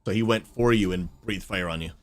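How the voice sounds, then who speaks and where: A man's voice: low voice, fairly quick. A man who streams games and works as a pastor, chatting and laughing with friends while calling out plays over a gaming mic. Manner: excitable, laughs often, calls out plays. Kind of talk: casual gaming chat with friends.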